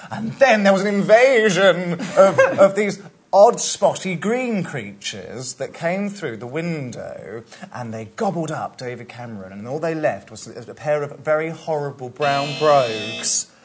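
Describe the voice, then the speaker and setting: A man's voice: a little high, expressive, unhurried, husky. Man rambling through a comic story. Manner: rambling, giggly. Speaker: panellist.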